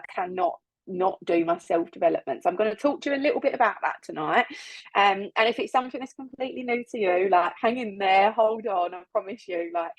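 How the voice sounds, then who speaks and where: A woman's voice: medium pitch, no room sound, rough recording. A woman leading a casual, motivational team training on a video call, chatty and upbeat, laughing often and repeating words for emphasis. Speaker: business team leader giving training.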